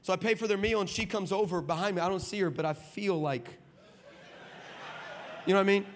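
In a big, echoing hall full of listeners, an El Paso, Texas man delivers a sermon built on stories, animatedly voicing characters and driving toward emphatic points. He's high-pitched and a little fast, with slight background noise.

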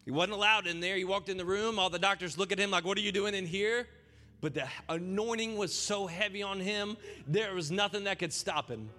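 A young man, a pastor, telling his own story in an animated sermon that rises into a preaching cry. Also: high voice, fairly quick, big-room sound, faint music behind. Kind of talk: sermon testimony.

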